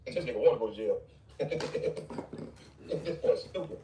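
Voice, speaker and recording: A man's voice: mid-range voice, animated, takes it slowly, dark tone, recorded from a distance, a little hiss or hum. A man ranting in a blunt, mocking, dismissive way, with scornful laughs. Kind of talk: ranting commentary. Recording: roomy, off-mic.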